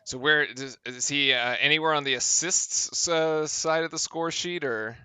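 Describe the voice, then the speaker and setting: A man calling basketball play-by-play in a very bright, crisp voice. He snaps through the action with brisk energy. The sound is close and dry, with no room around it. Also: fairly high pitch, dry recording. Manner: brisk, excited calls of the action. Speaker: play-by-play commentator.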